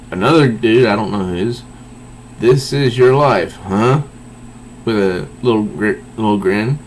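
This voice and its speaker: A man's voice: lowish voice, a little hiss or hum, rough recording. A man casually reviewing a comic book, reading panel dialogue aloud with frequent restarts and little chuckles. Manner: halting, restarts, reads dialogue in a flat voice, chuckles at jokes.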